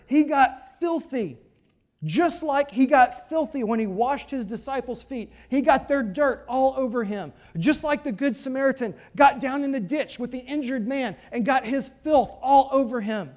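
A man preaching a sermon, reading scripture aloud and then preaching on it, swelling loud on key phrases and dropping low. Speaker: pastor.

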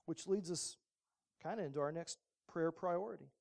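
A man's voice: on the high side, normal speed, gravelly, a little mellow. Conversational male pastor preaching. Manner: conversational preaching with humorous asides. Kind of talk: sermon.

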